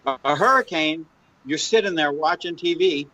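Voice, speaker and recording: A man's voice: fairly high pitch, normal speed, pushed and bright, low-quality recording. A man in his fifties co-hosting a casual podcast, explaining things in a chatty way with frequent restarts. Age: 50s. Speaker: podcast co-host.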